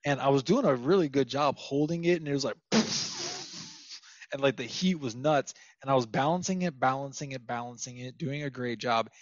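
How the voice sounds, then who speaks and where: A man's voice: medium pitch, fairly quick, hardly any pauses, no echo, muffled recording. A young man from Minnesota, a podcast guest, telling a story casually with lots of fillers and laughs.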